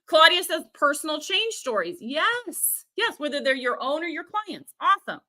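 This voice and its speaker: A woman hosting a live coaching session, speaking straight to her viewers. Her voice is bright and slightly high, and she keeps an upbeat, conversational manner, often pausing to ask "okay?". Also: sing-song. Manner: upbeat and chatty, with frequent "okay?" checks. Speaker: business coach hosting a livestream. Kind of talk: live-stream teaching, reading viewer comments.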